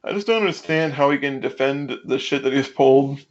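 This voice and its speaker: A man's voice: medium pitch, a little fast, highs cut off. A man co-hosting a stream, arguing in an exasperated, profane, reasoning tone over a voice call. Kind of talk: casual stream argument.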